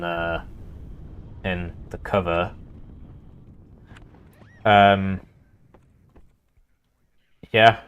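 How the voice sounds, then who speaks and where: A man's voice: low-pitched, fairly bright tone. A young man casting a live strategy game match, casual and rambling with lots of fillers. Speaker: caster.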